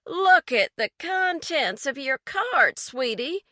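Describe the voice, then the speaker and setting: A woman voicing a pushy, condescending fitness fanatic in a deep, sugary drawl while reading a story. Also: very animated, takes it slowly, pushed and bright, no echo, clean studio sound, full character voice. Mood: scornful.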